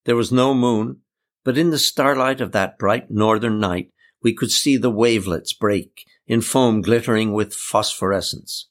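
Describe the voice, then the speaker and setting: Low-voiced male storyteller. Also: a little slow. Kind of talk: scripted first-person narration.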